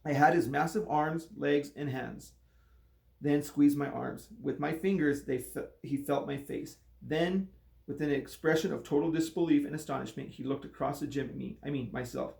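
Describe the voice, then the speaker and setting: Man coach, reading a kids' book aloud, gravelly voice, echoey room. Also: fairly high pitch, moderate pace. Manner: steady storytelling with voiced dialogue. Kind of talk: reading a children's novel aloud.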